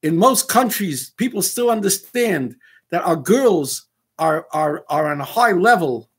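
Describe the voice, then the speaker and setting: A man hosting a radio talk show, speaking with fire, acting out dialogue in quick bursts and mixing in Hebrew and Yiddish words. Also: high-pitched, lively intonation, breathy edge. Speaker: radio host.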